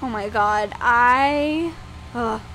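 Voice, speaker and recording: A woman's voice: on the high side, very slow, slight background noise. A young woman co-hosting a podcast, chatting casually and acting out the people in her story. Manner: animated storytelling, acts out quoted voices. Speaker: podcast co-host. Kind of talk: casual chat.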